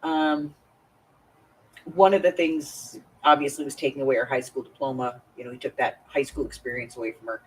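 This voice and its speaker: She speaks briskly in an extremely low, husky voice with a steady tone. A woman in her fifties, she hosts a crafting live stream, chatting casually and confidingly while she crafts and welcoming viewers by name, with her voice captured a bit far from the mic.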